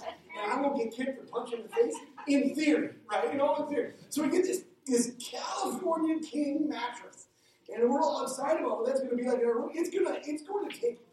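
A middle-aged man, a pastor, preaching a sermon with a lively personal story, his voice climbing when he gets excited. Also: far from the mic, slight background noise. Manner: animated storytelling, jumps higher when excited. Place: church hall. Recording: echoey hall, heard from afar.

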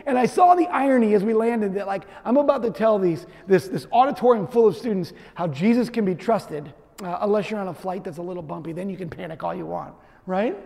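A man preaching a sermon, telling a personal story in a lively way with frequent "right?" asides. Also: high-pitched, fairly quick, gravelly. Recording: echoey hall reverb.

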